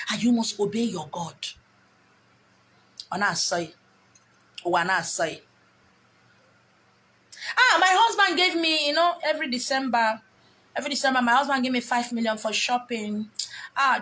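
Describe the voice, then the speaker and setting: Nigerian woman ranting straight to camera, bossy and blunt, middle-aged, voice sits a little high. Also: moderate pace, pauses often, bright, forceful tone. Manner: blunt, scolding, mixes in pidgin. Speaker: vlogger. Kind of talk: talking to camera, advice rant.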